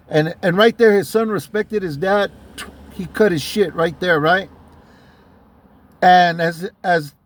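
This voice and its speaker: A man with a fairly high voice tells a story to camera in a loose, conversational way, full of street slang and restarts. The sound is dry and close. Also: no echo. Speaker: channel host.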